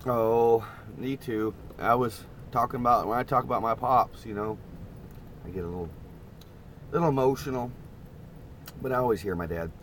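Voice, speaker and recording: A man's voice: medium pitch, normal speed, pauses often, slight background noise. A middle-aged man chatting casually and rambling to his viewers on a live stream from inside a parked camper van. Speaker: vlogger.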